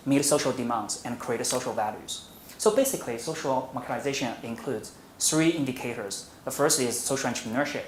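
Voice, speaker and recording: A man with as his delivers an academic talk at a measured pace, often pausing on "uh" and restarting his sentences. His voice sits in a middle pitch. The room gives it a roomy echo over a faint steady hum. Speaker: visiting academic speaker. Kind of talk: academic presentation. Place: university lecture room.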